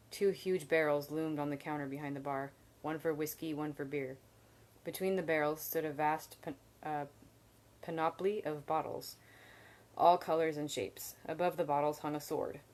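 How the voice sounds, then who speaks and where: A woman reading a fantasy novel aloud on a live stream, measured and even, with occasional slips and restarts. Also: low voice. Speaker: reader.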